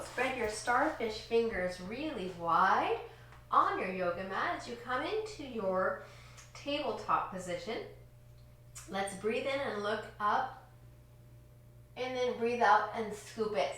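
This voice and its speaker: A woman teaching a children's yoga class, giving gentle, encouraging cues in time with slow breaths. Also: a little high, lively intonation. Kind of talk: guided kids yoga lesson. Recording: echoey room, distant from mic.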